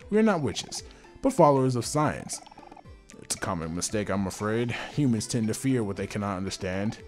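A man voicing a smug, scheming sea witch scientist who speaks in a low, sly purr in a video game. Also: very animated, moderate pace, darkish tone, faint music behind. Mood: patronizing.

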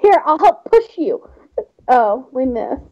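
A young woman chats through a game livestream with bubbly, giggly energy. Her voice sits high and swings widely in pitch as she talks. The audio is slightly muffled. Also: sing-song, slow. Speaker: livestream host. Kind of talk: casual game-stream chat.

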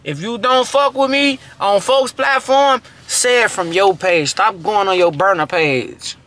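A man's voice: high voice, unhurried, sharp tone. A man, a guest in a casual interview, talking bluntly with lots of profanity and repeated restarts.

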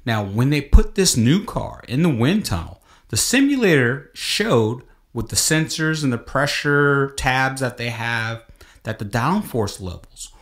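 A man hosting a casual sports podcast whose pitch swings widely as he talks. He builds from easy chat into loud, exclaiming rants. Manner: animated, rising to exclaiming rants. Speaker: podcast host.

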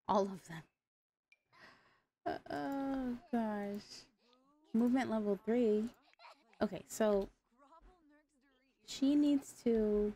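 A woman who runs a gaming YouTube channel chats through her gameplay in a warm, mid-range voice. She sounds exasperated and talks back to the characters on screen.

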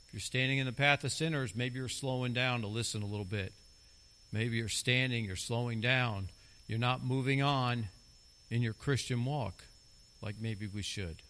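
Forceful, emphatic male preacher. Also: mid-range voice, normal speed, slight background noise. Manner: emphatic, repeats key phrases for stress. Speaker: lay preacher. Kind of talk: sermon.

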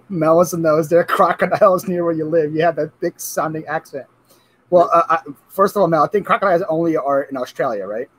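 A man's voice: fairly high pitch, brisk, slightly rough, poor audio. A man hosting a casual live stream, reading out viewer questions and laughing often. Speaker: host.

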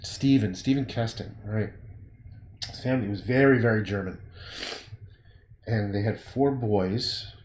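A man's voice: lowish voice, unhurried, pauses often, a little mellow, echoey room, slight background noise. A man thinking aloud in a rambling, casual way as he paints during a livestream, often breaking off and muttering to himself. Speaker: painter livestreaming his work.

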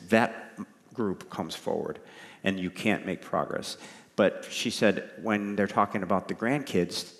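A man, a writer on a panel, speaking thoughtfully and hesitantly, repeating words as he works through an idea. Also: low-pitched. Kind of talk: casual panel talk. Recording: long reverb of a hall.

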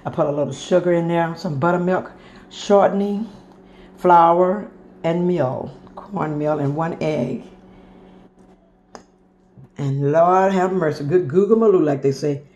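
Calling her viewers y'all and honey, this woman chats homily while showing off a meal she cooked, a casual show-and-tell for her cooking vlog. She speaks slowly with long pauses in a fairly low, slightly mellow voice. The highs are cut off, and slight background noise is present.

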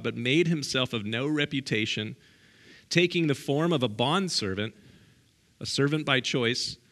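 A man's voice: on the high side, fairly bright tone. A middle-aged man, a guest pastor, preaching a sermon with emphatic repetition and direct questions to the congregation in a church. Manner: emphatic, repeats key words for stress. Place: church sanctuary.

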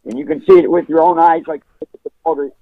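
A man from Canada phones in to a talk show and speaks bluntly, in a conspiratorial tone, calling the host buddy. His voice sits high. The call comes through a thin, dry phone line. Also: fairly even intonation, fast, dry recording. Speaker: caller.

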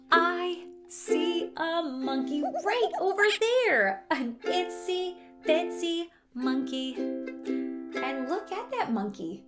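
High, slow-talking singing toddler host. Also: female voice, sing-song. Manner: bright, exaggerated gasps and coaxing questions. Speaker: host of a toddler learning show. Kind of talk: sing-song toddler teaching. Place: outdoors. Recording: ukulele music playing underneath.

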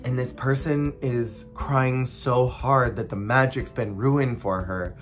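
A former theme park cast member telling stories in a casual vlog, wry and blunt and reflective, animated when acting out other people. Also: mid-range voice, slow pace, faint music behind. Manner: animated, acts out quoted people.

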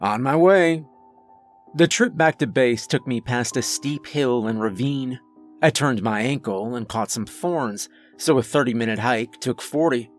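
A man narrating a first-person horror story in a measured, grave, deliberate manner. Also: mid-range voice. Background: faint music.

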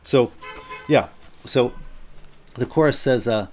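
A man's voice: mid-range voice, animated, moderate pace, soft background music. A middle-aged man giving a recorded philosophy lecture in a thoughtful, conversational way, often restarting and checking in with "right?".

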